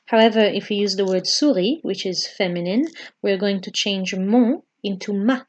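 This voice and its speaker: A woman teaching a home-learning French lesson, patient and slow, repeating phrases with frequent fillers. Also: mid-range voice, darkish tone, dull audio.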